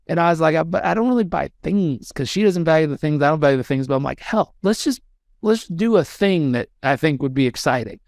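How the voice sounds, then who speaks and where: A man with a fairly high, smooth and crisp voice tells a story with lively energy, jumping into the voices of the people he quotes. He sounds like he's in his thirties and speaks close to the mic in a dry, dead room. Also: brisk, no room sound. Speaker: guest. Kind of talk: storytelling in a podcast interview.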